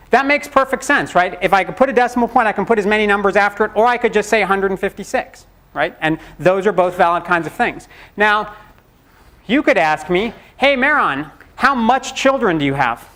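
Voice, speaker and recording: A man's voice: high-pitched, a bit bright, a little hiss or hum. A middle-aged man giving a university programming lecture in a conversational, joking way, acting out students' questions. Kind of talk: classroom lecture. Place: lecture hall.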